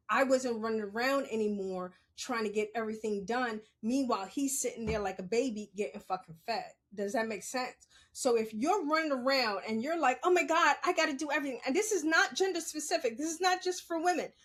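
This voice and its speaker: A woman telling a personal story on a podcast in a casual, animated way, swearing freely and laughing as she goes. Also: a little high. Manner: animated, profane, laughs while she talks.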